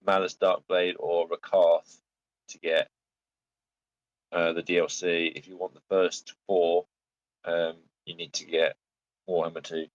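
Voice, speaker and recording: A man talks over voice chat in a very deep voice, matter-of-fact as he looks things up. His mic sounds dull and lo-fi, and very dry. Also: level tone, unhurried, long pauses, no room sound. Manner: matter-of-fact, checks facts aloud. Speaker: co-host in voice chat. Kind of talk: casual gaming chat.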